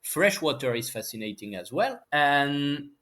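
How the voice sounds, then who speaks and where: A man from France with a French accent, speaking English as a second language, talking casually as an interview guest and pausing often to find his words. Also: a little high, sing-song, a bit bright. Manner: halting, searching for English words. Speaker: guest scientist and author.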